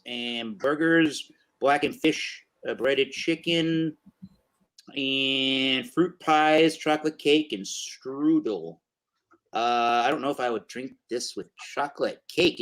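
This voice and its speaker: A man's voice: medium pitch, a bit bright, rough recording. Chatty man reviewing beer. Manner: chatty, rambling tasting notes with fillers. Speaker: beer review show host. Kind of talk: casual beer review chat.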